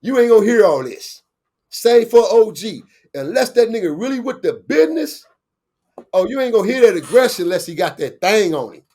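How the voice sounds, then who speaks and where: A middle-aged man with a Los Angeles street accent, telling a story in an animated, slangy way and acting out the voices of the people in it. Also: high-pitched, a little fast. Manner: acts out quoted voices, slangy, laughing asides. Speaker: guest storyteller, bounty hunter.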